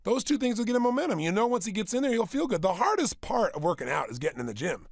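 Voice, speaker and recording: Gravelly high-voiced emphatic man. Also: big pitch swings, no room sound, clean studio sound. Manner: emphatic, repeats phrases for effect; rapid-fire rhetorical questions. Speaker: motivational speaker. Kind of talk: motivational workshop talk. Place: studio with a small audience.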